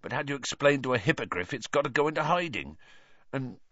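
Rough, gloomy dialect from a huge, grieving half-giant gamekeeper, as a male narrator puts him on. The voice swings widely in pitch. It sounds dull and dry, like a plain lo-fi audiobook recording. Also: expressive, quick pace, a bit bright, no echo.

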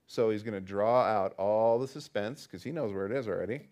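A man teaching a Bible study in a relaxed, conversational way, reading scripture aloud and then explaining it with chatty asides. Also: fairly low pitch, brisk.

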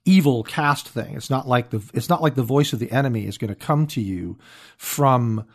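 A man's voice: mid-range voice, normal speed. A man in casual conversation about faith, reflective with joking asides. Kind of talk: casual Bible discussion.

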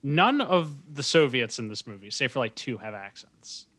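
A man's voice: mid-range voice, normal speed, no room sound. Man recapping a movie, dry close sound. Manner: animated recapping, chuckles often. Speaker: podcast co-host. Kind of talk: casual chat.

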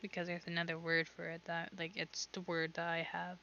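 A woman's voice: lowish voice, completely flat delivery, a little fast, bright, forceful tone, muffled recording, a little hiss or hum. A teenage girl hosting her own podcast, chatting casually and rambling with lots of fillers and restarts. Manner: rambling, filler-heavy, self-interrupting. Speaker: podcast host. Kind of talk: casual solo podcast chat.

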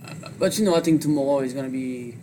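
French-accented jockey guy, stops and starts a lot, loud background noise. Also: medium pitch, rough recording. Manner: halting, filler-heavy speech with many "you know"s. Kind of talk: interview on horse racing.

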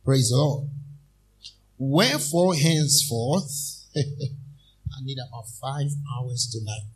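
A man preaching a sermon in church as minister, reading scripture slowly and deliberately. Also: mid-range voice, expressive, slightly rough.

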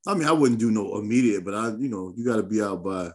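A man hosting a podcast in casual chat, talking in an animated, slangy, emphatic way. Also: fairly low pitch, quick pace, hardly any pauses. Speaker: podcast host.

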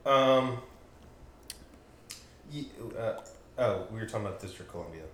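Joking and rambling while he corrects himself, a man hosts a casual podcast with a friend from a home room with dogs close by. His voice is on the low side and fairly bright, with lively intonation and a normal speed, in an echoey room with faint background noise.

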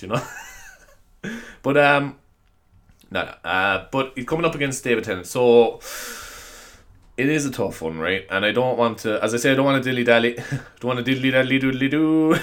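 A man's voice: mid-range voice, moderate pace, pauses often, a bit bright. Tired, rambling Irish man. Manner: rambling, self-mocking, laughs often. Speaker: podcast host. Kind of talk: casual solo podcast chat.

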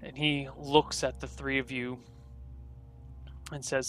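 A man narrating a tabletop game as game master, describing scenes in a relaxed way. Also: mid-range voice, slow, long pauses, faint music behind.

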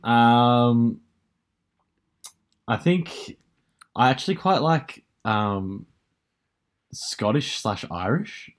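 A man's voice: mid-range voice, animated, very slow, long pauses. A man co-hosting a casual chat, hesitant with many fillers and given to giggling. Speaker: podcast co-host.

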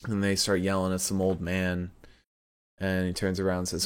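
A man's voice: low-pitched, monotone, normal speed, smooth. A man co-hosting a podcast, recapping a show in rambling casual chat with lots of fillers and laughs. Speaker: podcast co-host.

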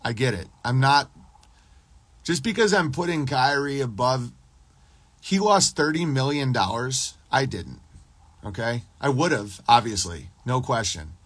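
A man hosts a loose livestream podcast, swearing freely and boasting as he rambles from one thought to the next. His voice is husky and a little rough at the edges. The sound is dry and close, with no room echo. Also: mid-range voice, animated, unhurried, a bit bright. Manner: crude, profane, rambling, boastful. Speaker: podcast host reading live chat. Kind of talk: casual livestream rant.

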